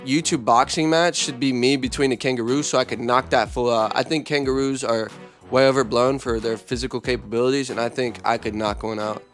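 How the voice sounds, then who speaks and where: A male vlog host with a mid-pitched voice who talks in an energetic, joking, slangy way. His comedic delivery stays loose and casual, with faint music underneath. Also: brisk.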